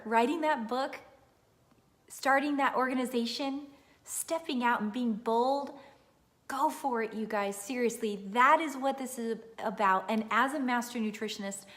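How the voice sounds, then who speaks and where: A woman's voice: a little high, a bit bright. A woman in her thirties, a nutritionist giving an earnest, emphatic motivational talk to viewers on a live stream and repeating phrases for emphasis.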